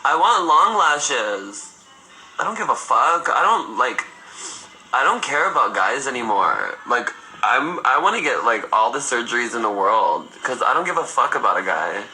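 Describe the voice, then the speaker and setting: Sassy, very bright-voiced young man. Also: mid-range voice, sing-song, moderate pace. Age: 20s. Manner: sassy, campy storytelling, swears freely, laughs often. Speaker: livestream host. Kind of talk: casual livestream chat. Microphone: phone. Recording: echoey room, faint music behind.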